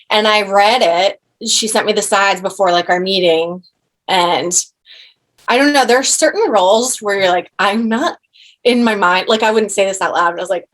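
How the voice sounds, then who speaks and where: A woman's voice: medium pitch, normal speed, a bit bright. A woman in her thirties, an actor and director, chatting as an interview guest, effusive and full of restarts and asides. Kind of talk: casual interview chat.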